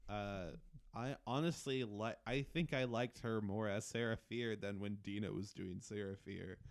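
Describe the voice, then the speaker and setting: A man's voice: on the low side, a little slow. A man casually discussing a movie on a podcast, chatty, laughing often and jumping in to agree. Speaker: podcast co-host. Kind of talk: casual movie recap chat.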